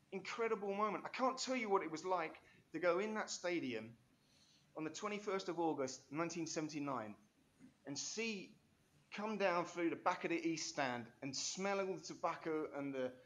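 A man appears as an interview guest, telling rambling, enthusiastic stories full of restarts and asides. His voice is a little high with a fairly bright tone.

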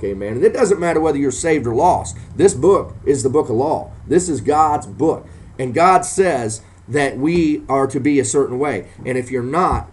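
The man's voice is mid-range and a little mellow. He is preaching, tagging "amen" onto nearly every phrase and surging into fervent emphasis as he calls out to Christians and sinners.

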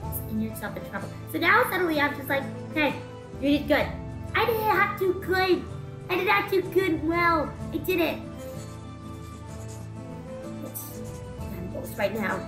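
A young woman hosting a casual gameplay commentary, rambling and excitable, with bursts of shouting and laughter. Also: high voice, measured pace, pauses often. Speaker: VTuber gameplay host. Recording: roomy echo with game music behind.

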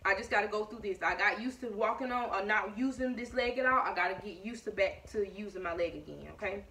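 A woman's voice: mid-range voice, fast talker, bright, forceful tone, husky, poor audio. A woman, chatting casually to her viewers at home, a bit short of breath. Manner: chatty, addresses viewers as y'all. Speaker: vlogger. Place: at home indoors.

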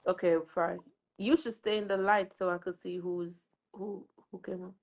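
A woman's voice: fairly low pitch, level tone, normal speed, background noise. A woman with a Jamaican accent hosting a casual live stream, joking and laughing in patois.

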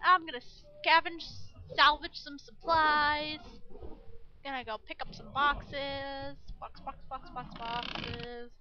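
A woman giving casual, excitable commentary while playing a game, often squealing when surprised. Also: high voice, slow. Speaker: gamer. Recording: lo-fi mic with game music behind.

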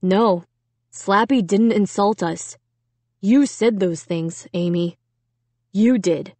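A woman's voice: mid-range voice, slow pace, darkish tone, dry recording. A woman playing a stern, grumpy father. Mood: grumpy firm. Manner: firm, grumpy, controlled. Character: angry stern father scolding daughter.

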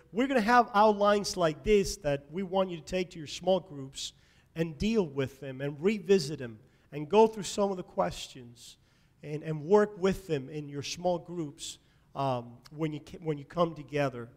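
A man delivers a Sunday sermon from the pulpit, his voice sitting high for a man. He preaches emphatically, punching some phrases loudly and dropping others to a near murmur. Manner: emphatic preaching with sharp swings between loud and soft. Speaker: pastor. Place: church sanctuary.

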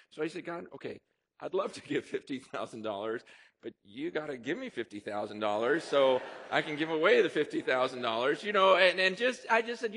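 A middle-aged man preaching a sermon, telling a personal story in an animated, excited way, with restarts and bursts of laughter. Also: medium pitch, gravelly. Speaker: pastor.

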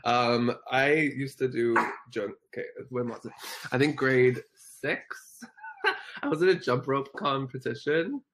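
A young adult hosting a casual home livestream, reading viewer comments aloud, effusive and quick to laugh, sometimes cooing baby talk to a dog. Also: medium pitch, heavy background noise. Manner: giggly and effusive, laughs often. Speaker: livestream host.

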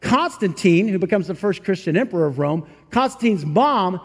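Male pastor, high voice, chatty sermon delivery with "right?" tags, acts out voices, long reverb of a large hall. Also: expressive, moderate pace, slightly rough. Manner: conversational, often tags on "right?" and "you know?"; acts out scenes in quoted voices. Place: church sanctuary.

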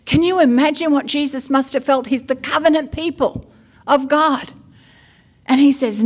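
A middle-aged woman, preaching a sermon as an apostle in a lively, conversational storytelling style. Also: sits high, moderate pace.

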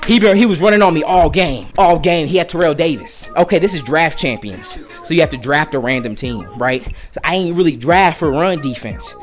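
A young man giving excited live commentary on a football video game, bursting into shouts with friends in the room. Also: fairly high pitch, a little fast, hardly any pauses. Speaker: gameplay commentator. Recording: loud music over the voice.

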